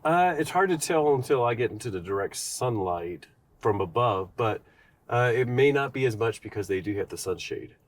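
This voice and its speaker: A man co-hosting a car review vlog, explaining features in a measured, hesitant way. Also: mid-range voice, expressive. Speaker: vlog co-host. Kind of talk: casual car review chat.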